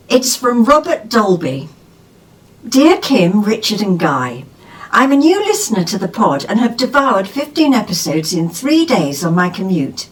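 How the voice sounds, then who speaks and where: Woman co-host, reads listener mail with lively, expressive delivery, sits back from the mic. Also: medium pitch, distant mic, poor audio. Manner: lively, expressive reading with laughs. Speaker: podcast co-host. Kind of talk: reading a listener letter aloud.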